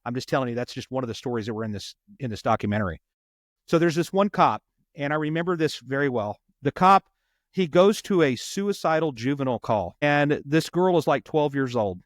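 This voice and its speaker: A man's voice: medium pitch, expressive, brisk, no room sound, studio quality. A man, a police officer, telling a story in a long earnest run, repeating words as he goes. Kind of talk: conversational storytelling.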